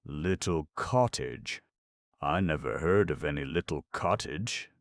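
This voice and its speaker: A bumbling, good-natured young gentleman from a comic storybook, plaintive and full of slang, as a man reads him. The voice sits very low with a gravelly edge and a lively, swooping intonation. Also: takes it slowly, no room sound, clean studio sound, exaggerated voice.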